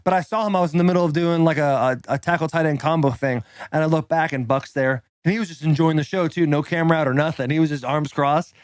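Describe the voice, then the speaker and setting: A male podcast co-host who talks fast in a slightly high voice, rambling and joking through his stories. The sound is dry and close to the mic. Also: clear, resonant tone, no room sound. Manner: joking, rambling, does impressions. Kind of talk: casual podcast banter.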